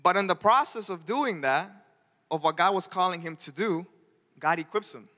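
A man preaches a sermon, his voice bright, forceful and somewhat high. He tells the story in an animated way, putting on the voices of its figures. The long reverb of a church hall trails behind each phrase. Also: normal speed. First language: Spanish. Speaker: pastor. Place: church sanctuary.

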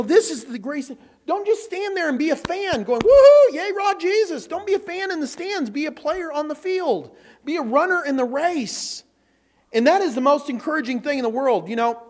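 A man preaching a sermon in a church as the pastor, animated, acting out quotes and repeating words as he goes. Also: very high-pitched.

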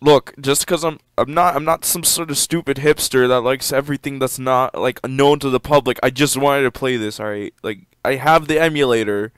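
A teenage boy casually commenting on a game he plays, given to sudden loud excited outbursts. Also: moderate pace, few pauses, smooth, dry recording. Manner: excitable, jumps into loud high-pitched outbursts. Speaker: gameplay commentator. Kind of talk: casual let's-play commentary.

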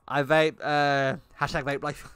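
A man's voice: on the high side, level tone, takes it slowly, fairly bright tone, smooth, no echo. A young man streaming a game, chatting bluntly with his viewers and swearing often. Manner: blunt and swearing, talking to chat in bursts. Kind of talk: casual livestream chat while gaming.

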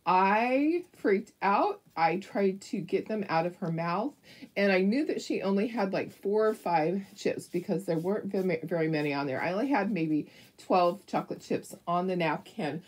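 An older woman telling a rambling story in a chatty, animated way while she paints a craft, laughing often. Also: medium pitch, slightly rough. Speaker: craft vlogger.

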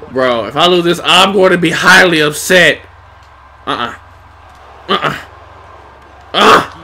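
A man's voice: on the high side, takes it slowly, pauses often, noisy background. A man playing a wrestling video game, muttering and swearing at the screen in frustration. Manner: talks to himself and the screen. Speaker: gamer. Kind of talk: casual gameplay commentary.

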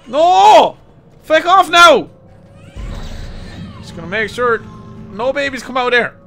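A young man playing a horror game on camera, with a very high, bright voice that leaps all over the place. He drawls slowly, curses constantly and yells at the monsters, with faint game music behind him. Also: very animated. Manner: swears a lot and yells at enemies. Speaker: gaming YouTuber. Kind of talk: let's play commentary.

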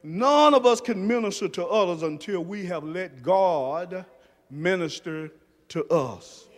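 A pastor preaching a sermon, dropping to soft low murmurs and rising to shouted emphasis. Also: male voice, expressive, unhurried, big-room sound. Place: church sanctuary.

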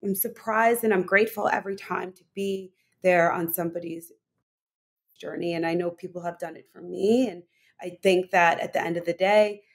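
A woman's voice: on the low side, fairly even intonation, moderate pace, slightly rough. A woman health coach as an interview guest, talking enthusiastically and rambling with many fillers. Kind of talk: conversational interview.

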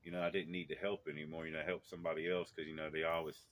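A man's voice: a bass voice, level tone, rapid-fire, a bit bright, slight background noise. A middle-aged man casually telling a personal story outdoors in a yard, rambling with many fillers and restarts.

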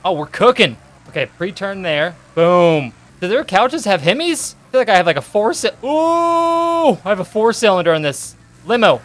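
Excitable young man with a lively voice. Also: high voice, normal speed, hardly any pauses. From United States. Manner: excitable, jokey, bursts into yelps and shouts. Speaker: gaming channel host. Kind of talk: let's-play commentary.

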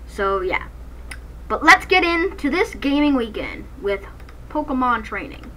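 A woman running a gaming channel gives excitable, jokey let's-play commentary from a dark room at night, bursting into bits of song. Her high voice moves at a measured pace, and the poor audio carries a little hiss or hum.

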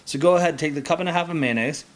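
A man's voice: a little high, racing. A man hosting a casual cooking show in a home kitchen, chatty and jokey as he gives step-by-step instructions.

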